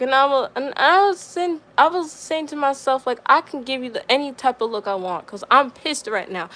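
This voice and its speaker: A woman's voice: high voice, expressive, brisk, bright, forceful tone. A young woman streamer telling a story in casual chat, rambling with lots of fillers and getting riled up.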